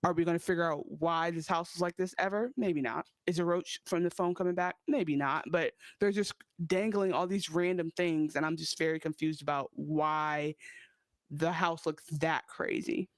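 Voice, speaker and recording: A woman co-hosts a casual TV recap podcast, chatting in an animated way and acting out characters' lines. Her voice is on the low side, her pace moderate, and the recording dry.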